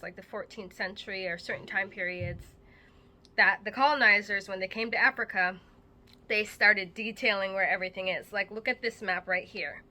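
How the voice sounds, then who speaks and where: A woman's voice: medium pitch, sharp tone. A middle-aged woman from Massachusetts giving an earnest, conversational teaching monologue, loose and full of fillers. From Massachusetts, United States. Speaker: host.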